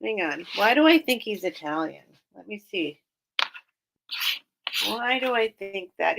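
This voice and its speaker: Slow, gravelly-voiced woman chatting. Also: medium pitch, animated, a bit bright. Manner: chatty, rambling, giggles often. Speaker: online seller hosting a live sale. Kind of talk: casual live-stream sales chat.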